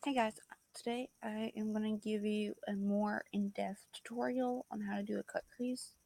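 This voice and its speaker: A young woman chatting through a makeup tutorial, joking at her own expense and slipping into soft asides. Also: mid-range voice, level tone, normal speed, gravelly. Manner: chatty, self-mocking, drifting into soft asides. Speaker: makeup vlogger.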